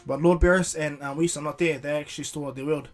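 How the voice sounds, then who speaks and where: A man casually telling an improvised fan story, rambling with restarts. His voice sits fairly high for a man, and faint music runs underneath. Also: fairly even intonation, fast talker.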